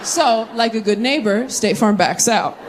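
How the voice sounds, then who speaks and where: A woman in her thirties performing stand-up comedy on stage, telling stories with quick deadpan turns and playful voices. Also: fairly high pitch, heavy background noise. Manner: animated, deadpan storytelling with jokey voices. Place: comedy stage before a live audience.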